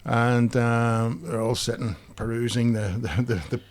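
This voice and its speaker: A man's voice: medium pitch, level tone, measured pace, clear, resonant tone. Chatty Belfast man telling stories. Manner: chatty storyteller with many fillers, laughs at own jokes. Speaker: podcast co-host. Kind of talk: casual anecdotal chat.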